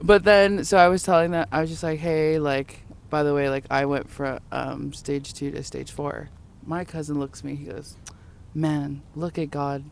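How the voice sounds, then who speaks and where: A woman's voice: low voice, moderate pace, gravelly, a little hiss or hum. Young woman telling a story, laughing. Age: young adult. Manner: laughing, animated storytelling with quoted voices. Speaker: podcast guest. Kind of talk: casual storytelling chat.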